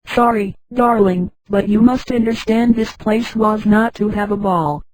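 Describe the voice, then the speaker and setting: A text-to-speech woman's voice reading the lines of a joking young male adventurer in a flat, unchanged voice. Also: medium pitch, a little slow, lightly acted, poor audio. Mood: plain. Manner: flat synthetic read, no change of voice.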